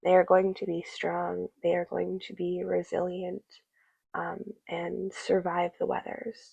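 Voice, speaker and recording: A woman giving a soft, meandering tarot reading, full of fillers and a little teary. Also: on the low side, completely flat delivery, measured pace, creaky, husky, dry recording, lo-fi sound. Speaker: tarot reader.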